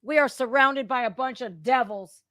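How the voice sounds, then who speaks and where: A woman's voice: high-pitched, moderate pace, a bit bright. A woman reacting to news clips in casual commentary, blunt and profane, ranting with heat.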